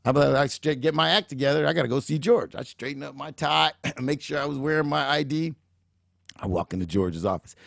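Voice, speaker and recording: A middle-aged man hosting a show, telling a motivational story in an animated, emphatic way and acting out the dialogue. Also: fairly high pitch, fairly quick, creaky, dry recording, studio quality. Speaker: show host, motivational speaker.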